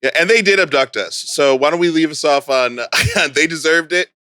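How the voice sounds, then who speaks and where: A man's voice: fairly high pitch, moderate pace, sharp tone, clean tone, no echo, clean studio sound. A man playing in a tabletop game, chatting playfully and laughing often. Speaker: player. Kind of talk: casual chat.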